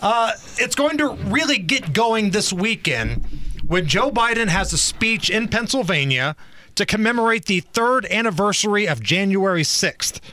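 A man's voice: sits high, animated, normal speed, pushed and bright, slight background noise. A man co-hosting a talk show, giving opinionated political commentary in a sarcastic, mocking manner.

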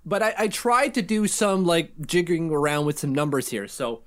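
A man co-hosting a casual sports podcast, animated and joking with his partner. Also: a little high, moderate pace. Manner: animated, jokey, reads ad copy. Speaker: podcast co-host.

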